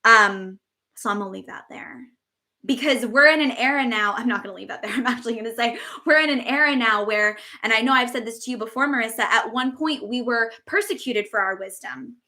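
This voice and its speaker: A woman's voice: a little high, a little fast, sharp tone. A woman hosting a spiritual podcast, teaching in an effusive, casual way, swearing freely and stretching out words for emphasis.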